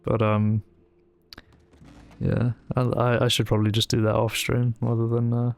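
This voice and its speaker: Man, tabletop player, casual streamed reading, mid pitch, thinks aloud with chuckles. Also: monotone, normal speed, vocal fry, a little mellow, faint music behind. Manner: musing aloud, chuckling asides.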